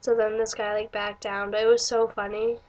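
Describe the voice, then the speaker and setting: A woman's voice: mid-range voice, level tone, normal speed, darkish tone. Chatty young woman, lo-fi audio. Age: young adult. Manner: chatty, rambling, many fillers and restarts. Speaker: vlogger. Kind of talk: casual storytelling vlog.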